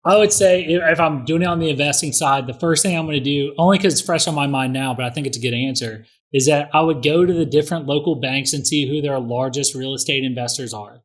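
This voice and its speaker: Fast-talking, blunt middle-aged man. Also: on the high side. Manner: fast, blunt, swears freely. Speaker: podcast guest, real estate investor. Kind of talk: casual podcast conversation.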